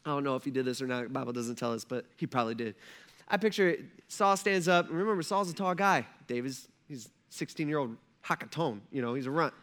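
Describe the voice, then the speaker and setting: A male pastor preaching a sermon in an animated, joking storytelling manner, with asides to the congregation. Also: medium pitch, fast.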